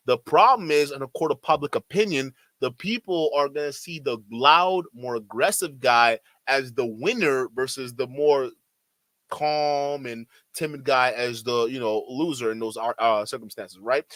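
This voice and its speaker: A man's voice: mid-range voice, fairly bright tone, no room sound. Heated profane man reacting on stream. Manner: heated, profane, rapid-fire, with mocking quoted voices. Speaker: streamer reacting to a debate clip. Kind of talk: live-stream commentary.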